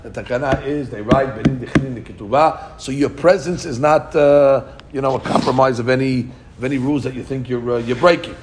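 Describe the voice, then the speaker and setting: A man's voice: medium pitch, a little fast, few pauses, noisy background. A man teaching a Talmud class, reading Aramaic lines and explaining them in English, his voice jumping up when he acts out the speakers. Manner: animated, voice jumps up when acting out speakers.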